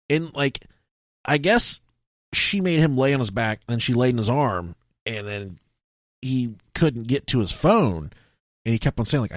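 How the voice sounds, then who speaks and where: A young man co-hosting a podcast, telling stories in a casual, animated way, swearing often and shouting when acting out scenes. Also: medium pitch, normal speed, no echo, studio quality. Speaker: podcast co-host.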